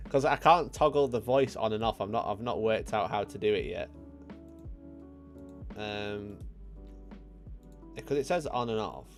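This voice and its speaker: A man's voice: on the low side, slow, long pauses, faint music behind. A young man hosting a casual livestream, laughing often and checking his audio setup with his viewers. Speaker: livestream host.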